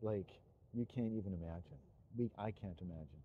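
A man's voice: low-pitched, a little fast, phone-quality sound, a little hiss or hum. A middle-aged man giving an earnest, rambling personal monologue to his channel, swearing when stirred. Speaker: YouTuber.

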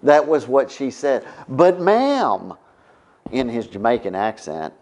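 A man's voice: mid-range voice, animated, normal speed, a little mellow. A middle-aged man preaching a sermon in a conversational way, often stopping to ask "right?". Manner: conversational, keeps asking "right?".

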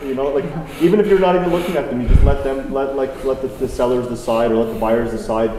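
A man's voice: mid-range voice, fairly even intonation, fast talker, noisy background. A man hosting a live talk, speaking casually with many fillers. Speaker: host, moderator. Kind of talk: conversational moderating. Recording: roomy hall with faint ambience.

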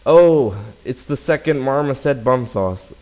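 A nervous marmoset, played by a man pleads in a high, loud, squeaky voice. He is the middle brother of a storybook trio. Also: animated, measured pace, lightly acted, low-quality recording.

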